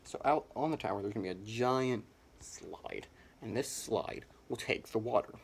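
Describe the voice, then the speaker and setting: Young male comic, mock presidential pitch, deadpan rambling bluster. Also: moderate pace, gravelly, a little hiss or hum. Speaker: comedian. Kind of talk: mock campaign speech.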